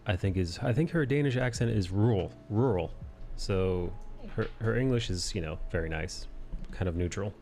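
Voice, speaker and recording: Low-voiced man chatting on a livestream. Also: moderate pace, a little mellow. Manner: rambling, swears freely, laughs often. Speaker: livestream host. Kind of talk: casual chat while drawing.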